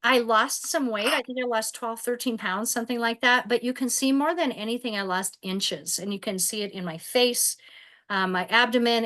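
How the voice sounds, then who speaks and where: A woman's voice: fairly high pitch, normal speed, a bit bright. A middle-aged woman giving a casual wellness presentation over a video call, conversational, with many fillers and restarts.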